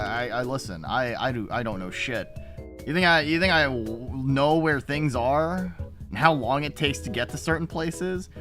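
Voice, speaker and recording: A man streaming and chatting casually with viewers, rambling with frequent restarts and plenty of swearing. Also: mid-range voice. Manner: rambling, profane, self-interrupting.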